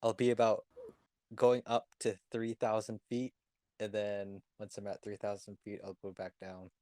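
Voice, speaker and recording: Flat, low man's voice, dry sound. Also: moderate pace, no echo. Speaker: player.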